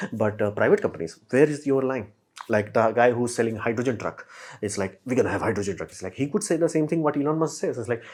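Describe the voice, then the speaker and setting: A man hosting a casual commentary monologue, animated and full of slangy asides and direct questions to the listener. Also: medium pitch, breathy edge. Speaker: host.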